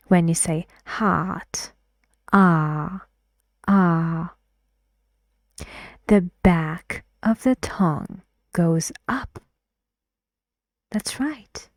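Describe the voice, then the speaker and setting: A woman teaching English pronunciation in a slow, patient way, often dropping to a breathy half-whisper. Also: on the low side, a little mellow, no echo, clean studio sound. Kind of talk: pronunciation lesson.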